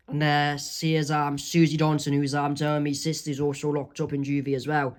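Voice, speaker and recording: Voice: medium pitch, level tone, fairly quick, few pauses. Rambling amateur comic narrator. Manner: rambling, full of ums and self-corrections. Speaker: comic creator narrating own strip. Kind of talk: amateur comic read-aloud.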